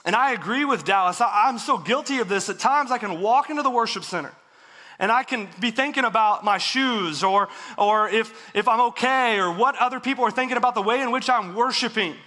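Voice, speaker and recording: A man preaching a sermon in a church, earnest and confessional, letting his phrases fall soft and low at the ends. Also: a little fast. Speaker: pastor. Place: church worship center.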